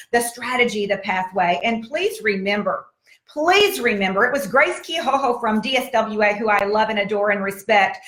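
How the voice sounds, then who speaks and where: A woman's voice: on the high side, fairly bright tone. Emphatic woman motivational speaker, roomy sound. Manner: emphatic, repetitive, exhortative. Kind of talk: motivational talk. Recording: roomy echo.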